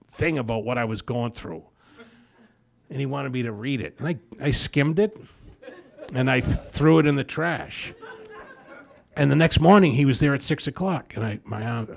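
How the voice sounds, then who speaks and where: Gravelly man sharing his recovery story. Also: medium pitch, unhurried. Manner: rambling, with many repeated restarts; animated storyteller. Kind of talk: recovery meeting share.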